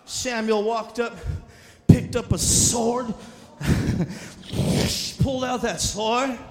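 A man preaching a sermon in a church, fervent and often shouting. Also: very high-pitched, steady tone, drawn-out words, roomy sound.

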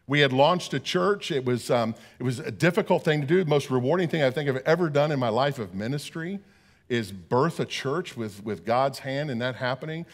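A man's voice: medium pitch, lively intonation, normal speed. A middle-aged man preaching a sermon as pastor, earnest and often repeating words as he talks.

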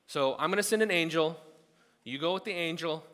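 A man's voice: a little high, brisk, a bit bright, pitched above the performer's own voice, close to an everyday voice. A man voicing God as a blunt, weary male deity speaking matter-of-factly, in a hall with a long echo.

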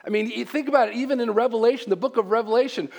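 A man preaching a conversational sermon, repeating phrases and shifting between quick and slow delivery. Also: extremely high pitch, gravelly. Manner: conversational, repeats himself, speeds up and slows down. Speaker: pastor.

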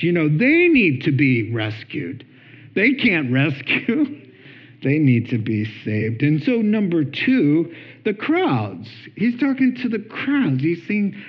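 A man preaching a sermon with animated storytelling, acting out quotes and chuckling between points. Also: fairly high pitch, slow, dull audio. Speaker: pastor.

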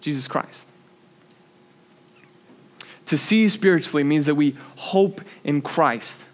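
A young man gives a sermon. His voice sits a little high, and he tells a personal story with animated energy, laughing at himself along the way. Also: slow. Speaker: youth pastor.

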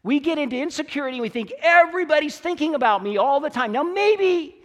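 A preacher talks to his church in an easy, conversational sermon. His voice sits high for a man, and he moves between loud, emphatic stretches and quiet, low ones. A long reverb from the sanctuary trails after his words. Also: lively intonation, fast talker.

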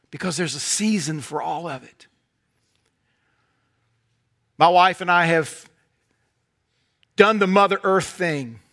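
Bright-voiced Southern man preaching. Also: a little high. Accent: Southern American. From North Carolina. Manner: animated storytelling, folksy humor, drops to soft intensity. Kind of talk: sermon.

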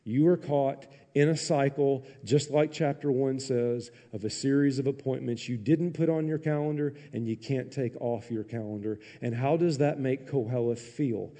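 A man preaching a sermon as a pastor, animated and sarcastic, acting out mock quotes in raised voices. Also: medium pitch, normal speed, hardly any pauses, big-room sound. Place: church.

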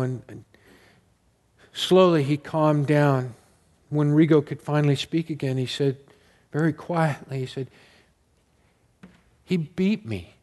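A slow-spoken pastor delivers his sermon in a fairly high voice for a man. He lingers over phrases and repeats key words with quiet emphasis. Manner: slow, earnest storytelling with emphatic repetition.

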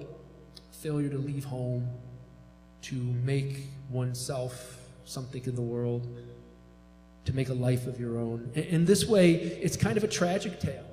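Male speaker, slightly high voice, casual sermon delivery with asides, reverberant hall sound. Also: darkish tone. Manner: conversational, many restarts and asides. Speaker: speaker retelling a parable. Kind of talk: sermon-style talk.

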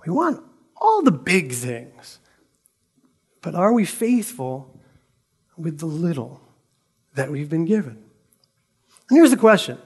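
A male preacher with a fairly high, very animated voice that swings up and down as he speaks. He reads scripture dramatically and presses his points with rhetorical questions. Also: takes it slowly, pauses often, husky. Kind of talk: sermon.

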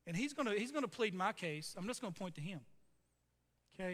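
A man's voice: high-pitched, expressive, a little fast, pauses often, a bit bright, long reverb tail. A man preaching a sermon as a pastor, telling a story in a conversational way with frequent asides to the congregation.

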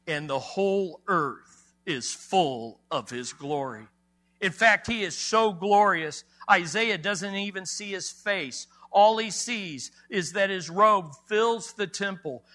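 A male pastor preaching a sermon, emphatic, rising loud on key words and dropping soft. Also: high-pitched.

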